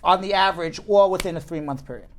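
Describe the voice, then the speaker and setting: A man hosting a talk show, telling stories in animated, chatty banter from a studio. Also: high-pitched, fast talker, slight background noise.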